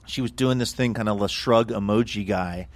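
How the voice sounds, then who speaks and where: A man's voice: fairly low pitch, normal speed, no room sound. A man co-hosting a podcast, telling casual anecdotes and acting out quotes. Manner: animated anecdotes with voiced quotes. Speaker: podcast co-host. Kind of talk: casual storytelling.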